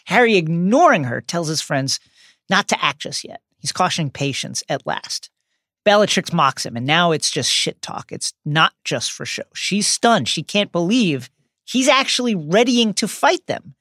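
Podcast co-host, male, gravelly, very lively inflection, dramatic storyteller. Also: high-pitched, normal speed, dry recording, studio quality. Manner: builds tension with rising, emphatic phrasing. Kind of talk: dramatic reading and discussion.

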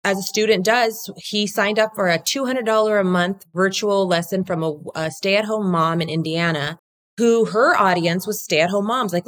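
A woman's voice: medium pitch, normal speed, fairly bright tone. A woman who co-founded a law firm, talking energetically and bluntly as an interview guest, now and then swearing and mimicking other people's voices. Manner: swings into acted quotes of others. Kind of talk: casual interview talk.

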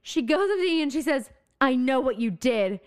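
A young woman co-hosting a podcast, retelling scenes in a lively chat and acting out the characters' lines. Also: high voice, moderate pace, clean tone. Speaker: podcast co-host. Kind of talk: casual recap chat.

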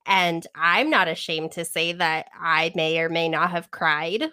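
A woman co-hosts a podcast in lively, enthusiastic conversation. A tickle in her throat leaves her voice slightly squeaky. She laughs easily between her sentences. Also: a little slow, smooth. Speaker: podcast co-host. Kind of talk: casual chat.

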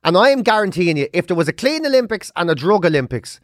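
High-voiced Dublin Irish man, podcast co-host, blunt profane ranter, dry sound. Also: very animated, fast, no room sound. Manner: ranting, blunt, heavy swearing. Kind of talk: casual chat.

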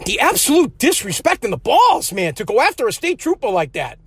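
Man host, heated profane ranter, high pitched. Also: huge pitch swings, fairly quick, a bit bright, a little hiss or hum. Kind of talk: angry ranting monologue.

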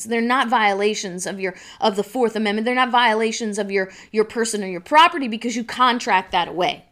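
A woman's voice: on the high side, fairly bright tone. A woman hosting a show, telling an exasperated, emphatic story and then explaining a legal argument. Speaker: show host.

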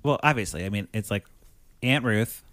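A man's voice: fairly low pitch, normal speed, fairly bright tone, dry recording. A man co-hosting a podcast, recapping a movie in casual chat, rambling and acting out the characters' lines. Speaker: podcast co-host.

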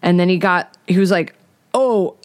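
A woman's voice: on the low side, lively intonation, a little fast, dry recording. A woman comedian chatting casually, telling a story and acting out the voices in it. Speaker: comedian guest.

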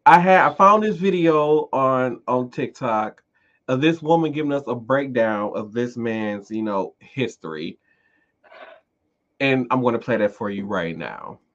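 A man's voice: medium pitch, expressive, unhurried, fairly bright tone. A man hosting a casual podcast chat, speaking bluntly and emphatically with frequent restarts. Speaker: podcast host. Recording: dull lo-fi sound.

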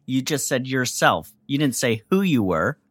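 A man's voice: mid-range voice, very animated, moderate pace, a bit bright, breathy edge, no room sound. A man co-hosting a podcast in casual chat, teasing his partner dryly. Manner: dry teasing. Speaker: podcast co-host.

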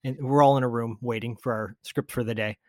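A man's voice: medium pitch, no room sound, studio quality. A man hosting a casual interview, a voice actor himself, reacting often and telling his own stories. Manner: animated, quick reactions and laughs. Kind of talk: casual podcast chat.

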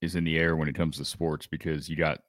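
A man co-hosting a casual sports podcast, talking in a relaxed, easygoing way. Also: a bass voice, fast talker, no room sound, studio quality. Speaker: podcast co-host.

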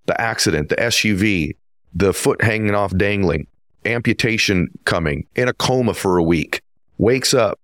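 A man's voice: on the low side, moderate pace, a bit bright, dry recording, clean studio sound. A man hosting an interview, introducing his guest with earnest, emphatic storytelling. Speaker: podcast host.

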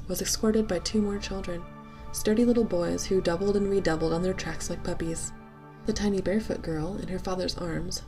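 A woman narrating a classic story in a measured, expressive audiobook style. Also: fairly low pitch.

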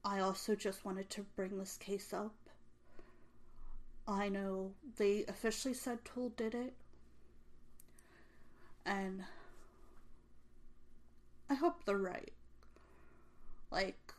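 A woman's voice: mid-range voice, fairly even intonation, takes it slowly, long pauses. A young adult woman, a parent, talking about a true crime case in a casual, earnest and emotional way, with many fillers.

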